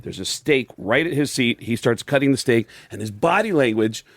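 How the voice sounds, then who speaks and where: A man's voice: medium pitch, dry recording, clean studio sound. A man from the Bronx, an impressionist telling a story as a guest on a radio talk show and slipping into voices. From the Bronx, New York. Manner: animated storyteller who slips into voices, quick with laughs.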